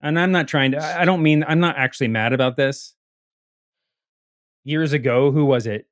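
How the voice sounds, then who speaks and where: A man's voice: fairly high pitch, moderate pace, no echo, studio quality. A man co-hosting a podcast in casual chat, rambling and cutting himself off with lots of fillers. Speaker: podcast co-host.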